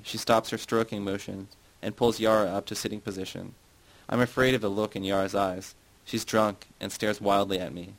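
Low-voiced male audiobook narrator. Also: steady tone, moderate pace, low-quality recording. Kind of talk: literary narration, first person.

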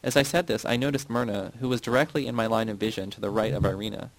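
A man reading first-person audiobook narration in a steady, measured way, close to the mic. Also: fairly low pitch, creaky, low-quality recording.

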